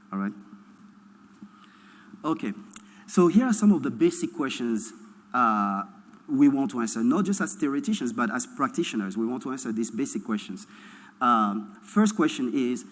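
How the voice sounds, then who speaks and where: A man delivers an academic keynote in a large hall, his voice trailing a long reverb. He explains step by step and keeps repeating himself until everything is clear, dotting his speech with "uh" and "right?". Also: medium pitch. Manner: explains slowly, repeats points, frequent uh and right?. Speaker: keynote speaker. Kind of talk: academic lecture.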